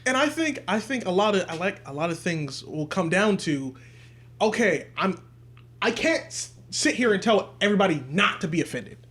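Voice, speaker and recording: High, animated young man chatting. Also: moderate pace. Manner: laughing, swearing, animated. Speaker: podcast co-host. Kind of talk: casual chat.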